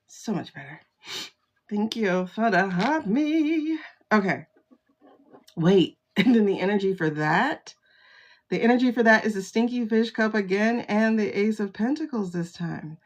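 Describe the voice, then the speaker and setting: A woman reading tarot cards live into a phone, and she takes her time, drawing her words out at an unhurried pace. She is chatty and exclamatory and greets her viewers by name between cards. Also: medium pitch, lively intonation. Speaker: tarot reader livestream host. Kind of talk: casual livestream tarot reading.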